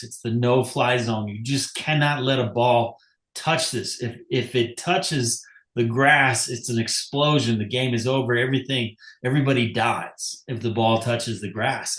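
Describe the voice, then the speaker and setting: A man's voice: mid-range voice, fairly bright tone, reverberant. A man hosting a podcast, chatting casually, affirming his guest and telling his own coaching stories. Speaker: podcast host. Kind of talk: casual interview talk.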